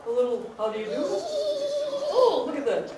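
A woman's voice: extremely high pitch, wildly swooping pitch, a little slow, over loud music, voice pushed up, full character voice. A woman doing a chirpy, jumpy puppet named Dave. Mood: startled. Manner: exclaims with gasps of surprise. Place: indoor puppet exhibit room. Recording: echoey room, far from mic, crowd noise.

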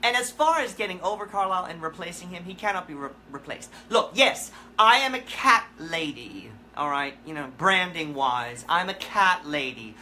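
A woman hosting a live comic question-and-answer session in character, telling absurd stories in a deadpan, rambling way with halting restarts. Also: fairly low pitch, slight background noise. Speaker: comedic musician persona hosting a live Q&A. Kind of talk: rambling comic livestream chat.

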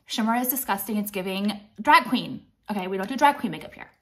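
Talking fast and expressively, a woman in her late thirties runs through a casual makeup tutorial, profane, blunt and meandering, slightly breathless. Her mid-range voice has a fairly bright tone.

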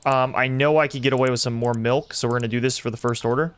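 A young man streaming a simulator game, commenting excitedly and talking to his chat as he plays. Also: medium pitch, quick pace, smooth. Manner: excitable, talks to chat while playing. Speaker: gaming streamer. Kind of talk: live gameplay commentary.

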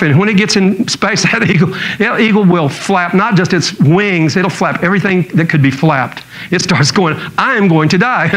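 A man's voice: sits high, a bit bright, low-quality recording. A man preaching a sermon in a church, telling stories in a joking way and acting out the people he quotes. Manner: storytelling, jokey, acts out quotes. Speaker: pastor.

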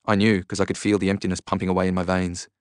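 A man's voice: low voice, little pitch movement, very fast, clear, resonant tone, no echo, clean studio sound. A man narrating a novel in the first person, in an understated way. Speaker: audiobook narrator.

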